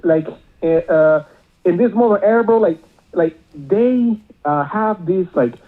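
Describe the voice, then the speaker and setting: A man's voice: high voice, expressive, measured pace. A male caller, rambling with many filler words, heard over a phone line. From Miami area.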